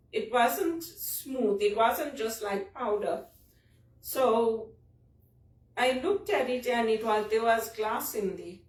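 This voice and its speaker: Earnest woman, roomy and distant. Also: mid-range voice. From Zimbabwe. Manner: earnest, personal, reflective. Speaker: vlogger discussing a leadership book. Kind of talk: casual reflective monologue. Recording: roomy sound from a distant mic.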